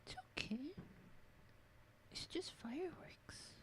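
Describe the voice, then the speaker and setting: A woman talking to her cat in a put-on cooing baby voice, soft and fond. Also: very high voice, big pitch swings, slow, background noise, voice pushed up, full character voice. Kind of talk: soft talk to a pet.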